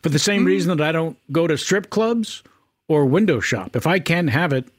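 Higher-voiced man telling a punchy story. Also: expressive, normal speed, no echo. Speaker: actor guest. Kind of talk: anecdote.

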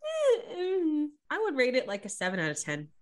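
With a high voice that swoops wildly in pitch, a young podcast co-host talks at a moderate pace. Her casual chat includes stories told with playful quoted voices.

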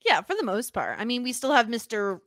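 A woman co-hosting a podcast, chatting excitedly and giggling as she recaps a TV episode. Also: fairly high pitch, brisk, dry recording, studio quality. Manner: excitable, giggly, quotes lines and hums tunes. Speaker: podcast co-host. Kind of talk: casual chat recapping a TV episode.

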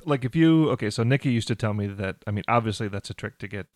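Halting man telling a story, dry sound. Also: on the low side, animated, no echo. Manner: halting, restarts often, laughs easily. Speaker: podcast host. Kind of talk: casual podcast chat.

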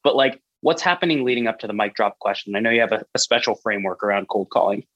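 A host of ordinary pitch rattles off quick, husky questions. His voice sounds dry and somewhat dull, as if recorded on a low-fidelity mic with no room echo. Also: lively intonation. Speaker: podcast host. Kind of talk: casual chat.

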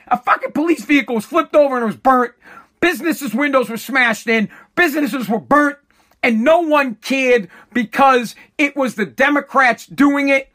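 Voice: sits high, bright, forceful tone. A speaker delivering an angry, profane political rant, heated and repetitive, often restarting sentences. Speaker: political commentator.

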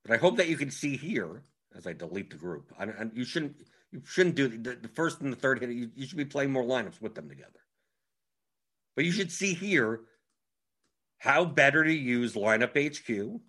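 A man's voice: medium pitch, a bit bright, husky. A man giving a casual tutorial on fantasy sports strategy, talking emphatically with frequent restarts.

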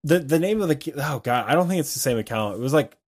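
A man's voice: a little high, expressive, quick pace, husky. A man chatting casually on a gaming podcast, ranting animatedly and mocking beggars in silly voices. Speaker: co-host, streamer.

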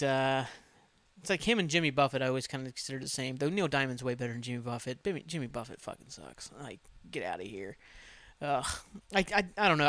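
A man talks through a solo podcast in a loose, rambling way, dropping curses and making jokes at his own expense. His voice is smooth and clear and sits a little high for a man. The sound is dry and close, with no room around it. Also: fairly bright tone, no echo. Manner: rambling, profane, self-mocking. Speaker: podcast host. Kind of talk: solo casual podcast chat.

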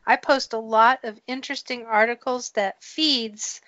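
Earnest woman with a higher voice. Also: steady tone, measured pace, a bit bright, no echo. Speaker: HR professional, guest. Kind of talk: conversational podcast interview. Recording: dry muffled lo-fi audio.

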